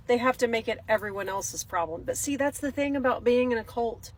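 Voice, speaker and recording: A woman's voice: fairly high pitch, expressive, brisk. A woman from the United States giving casual reaction commentary in a scornful, lecturing, sarcastic way.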